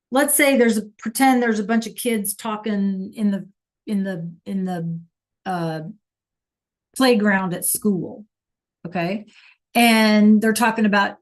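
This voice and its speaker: Woman teacher, unhurried, talks through grammar examples with lots of ums over a computer mic. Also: mid-range voice. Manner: slow, searching for examples with many fillers. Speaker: Spanish teacher. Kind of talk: online class lesson.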